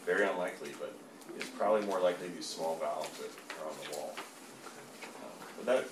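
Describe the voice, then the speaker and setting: A man, an engineer, giving a measured report in a meeting, with plenty of fillers. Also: low voice. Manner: plain, measured, halting with fillers. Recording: echoey room, distant mic, noisy.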